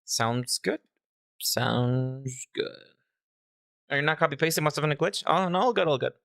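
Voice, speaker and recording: This music producer chats casually with his live audience while presenting a remix, laughing plenty, cursing freely and slipping into jokey meows. His voice is fairly high and fairly bright, with vocal fry and a moderate pace. There's no echo.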